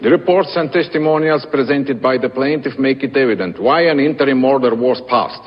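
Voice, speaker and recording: Actor as a stern presiding judge, dull film audio, light noise. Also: male voice, medium pitch, fairly quick, natural voice. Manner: brief, authoritative rulings.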